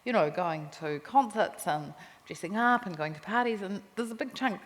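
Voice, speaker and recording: A woman in her sixties with a New Zealand accent, an author telling lively stories in a live interview. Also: mid-range voice, moderate pace. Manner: lively, laughing anecdotes. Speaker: memoir author, interview guest. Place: live talk venue with audience. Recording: echoey hall, faint background noise.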